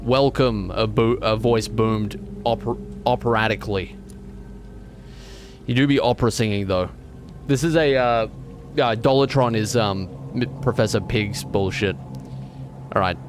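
A man's voice: lowish voice, measured pace, music in the background. A man streaming a game, reading its text passages aloud, stumbling over words and breaking off into exasperated, swearing rants.

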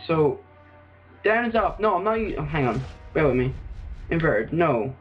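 An Irish man rambling through let's play commentary, excitable and swearing, with sudden outbursts. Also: on the high side, normal speed, soft background music. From Ireland. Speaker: gaming video host. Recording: dull lo-fi recording.

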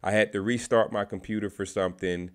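A man's voice: fairly low pitch, fairly even intonation, brisk. A man talking casually to camera, sharing tips from his sales calls and often repeating words as he goes. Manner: conversational, repeats words, restarts phrases.

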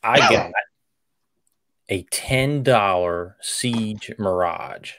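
A man's voice: on the low side, extremely slow, fairly bright tone, no room sound, clean studio sound. A man co-hosting a casual podcast, telling his news in an easygoing way. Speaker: podcast co-host. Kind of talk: casual chat.

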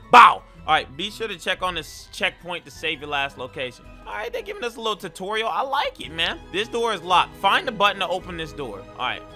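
A young man giving slangy, excitable commentary while playing a cave game, reacting out loud to everything on screen. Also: high-pitched. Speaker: gameplay streamer. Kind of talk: Minecraft let's-play commentary.

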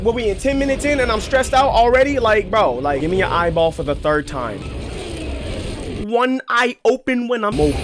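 A young man, commentating his gameplay with loud, excitable trash talk and sudden yelps. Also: fairly high pitch. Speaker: gaming streamer. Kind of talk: let's play commentary. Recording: game soundtrack loud under voice. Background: game music.

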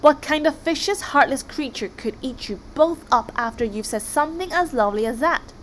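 A woman voicing a huge, hungry male sea monster who is chatty, menacing and easily flattered. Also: sits high, moderate pace, slight background noise, voice pushed up, rough recording.

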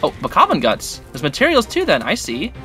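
A man hosting a gaming channel, giving excitable, chatty commentary while he plays and talks to the characters on screen. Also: on the high side, fairly quick. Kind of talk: casual gameplay commentary. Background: game music.

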